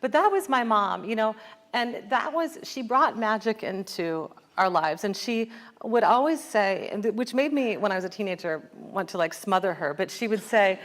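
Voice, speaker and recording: A woman's voice: medium pitch, expressive, normal speed. Reflective American woman author in conversation. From United States. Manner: reflective, many fillers and restarts. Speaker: author guest. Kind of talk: onstage conversation.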